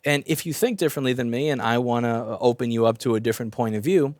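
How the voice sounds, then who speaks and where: A man's voice: mid-range voice, quick pace, a little mellow, no echo, studio quality. A man who owns a repair shop and hosts the channel, speaking in a casual opinion rant. He is blunt and profane and repeats himself as he talks.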